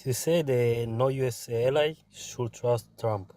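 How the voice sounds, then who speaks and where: A man's voice: medium pitch, a little slow, darkish tone, no echo. A man from Israel calling in to a debate stream, asking questions hesitantly and politely. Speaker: caller.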